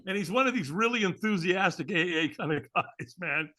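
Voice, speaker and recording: A man's voice: high voice, animated, moderate pace, sharp tone. A man telling a personal story as an interview guest, in a candid, earnest way, often adding "man".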